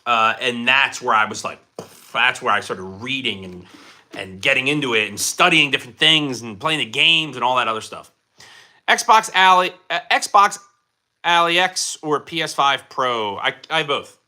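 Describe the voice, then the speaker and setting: Young man, livestream host, casual rambling chat, bright voice, lively pitch. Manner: animated, rambling, lots of fillers and restarts. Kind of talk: casual livestream chat reading viewer comments. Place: indoor room under bright lighting.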